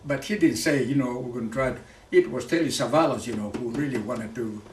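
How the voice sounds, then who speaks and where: A man, a former pilot giving a speech. He talks in halting phrases full of fillers and restarts. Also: mid-range voice. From Greece. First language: Greek. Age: 90s. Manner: halting, with many fillers and restarts, earnest and patriotic. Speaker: guest speaker, retired fighter pilot. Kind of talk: speech to an audience. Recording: echoey room picked up from far off.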